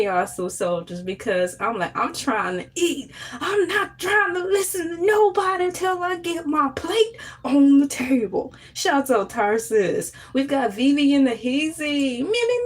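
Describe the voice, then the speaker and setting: A woman hosting a casual morning livestream chat, playful and animated, often jumping into high squeals. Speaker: livestream host.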